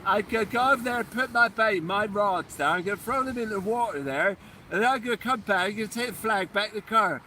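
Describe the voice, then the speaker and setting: A man's voice: sits high, brisk, sharp tone, recorded from a distance, a little hiss or hum. A man doing a broad Somerset country yokel voice. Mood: playful. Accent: put-on Somerset.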